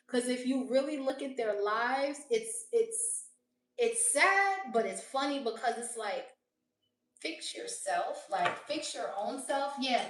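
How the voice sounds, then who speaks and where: A woman's voice: fairly high pitch, fairly bright tone. Blunt, profane woman reading tarot. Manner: blunt and profane, laughing often. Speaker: tarot reader. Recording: roomy echo, voice distant from mic.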